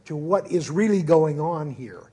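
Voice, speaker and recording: A man's voice: fairly high pitch, animated, a little slow, dark tone, breathy edge. A man preaching a conversational sermon as pastor at a church service, earnest and informal with frequent restarts.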